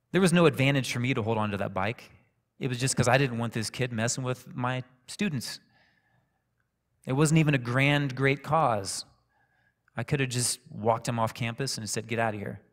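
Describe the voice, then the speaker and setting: A man preaching a sermon, telling a personal story in a calm, conversational way. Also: medium pitch. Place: church sanctuary. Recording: echoey church hall reverb.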